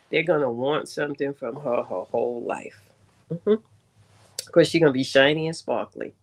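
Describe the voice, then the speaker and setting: A woman with a thick Brooklyn accent hosts a casual livestream. She talks bluntly and emphatically, and she breaks into laughter often as she chats. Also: deep voice. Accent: Brooklyn New York. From Brooklyn, New York. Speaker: stream host reading cards.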